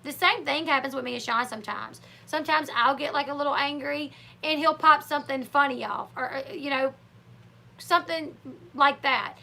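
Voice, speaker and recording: A woman's voice: sits high, moderate pace, vocal fry. A woman hosting a casual live chat, opinionated and chatty, acting out what others said. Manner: chatty, opinionated, acts out quotes in animated voices. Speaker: livestream host.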